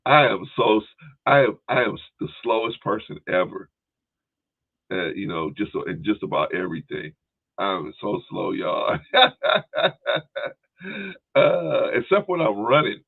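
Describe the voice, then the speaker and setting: Gravelly, low-voiced man on a phone-quality line. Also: big pitch swings, unhurried, pauses often. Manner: laid-back, rambling, often tagging "right?" and "y'all". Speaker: podcast host. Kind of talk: casual chat.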